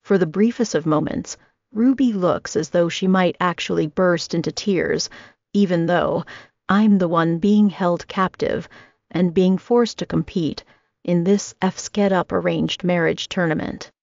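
A woman narrating a first-person audiobook with a steady, dramatic reading. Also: lowish voice, measured pace, gravelly, dry recording. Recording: dry, slightly muffled recording.

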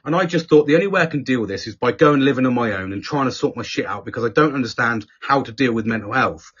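A man's voice: medium pitch, lively intonation, quick pace, a bit bright, breathy edge. A man telling personal stories in a candid conversational chat. He swears constantly and often restarts his sentences. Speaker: podcast guest speaker. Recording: dull lo-fi audio.

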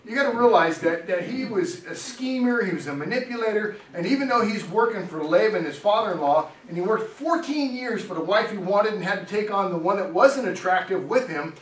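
A middle-aged male pastor preaches a sermon in a chatty, storytelling manner, laughing often; his voice sits high, expressive and a bit bright, moving briskly with few pauses. He's in a church sanctuary, and the recording is echoey, with a distant mic and faint noise.

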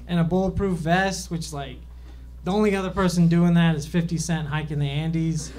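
A man's voice: fairly high pitch, darkish tone. A young man doing a rambling, self-deprecating stand-up set on a comedy club stage, with plenty of fillers and restarts.

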